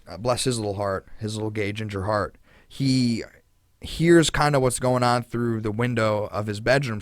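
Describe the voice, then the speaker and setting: A man's voice: medium pitch, dry recording, studio quality. A man hosting a podcast, telling a story in casual chat with a lot of fillers, indignant and swearing freely. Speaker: podcast host.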